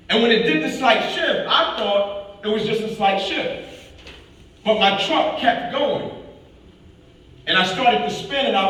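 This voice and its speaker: A man's voice: sits high, fairly bright tone. A man giving a motivational talk, telling a dramatic personal story and repeating phrases for rhythm. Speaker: motivational speaker. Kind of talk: storytelling speech to a live audience. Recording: echoey hall from far off.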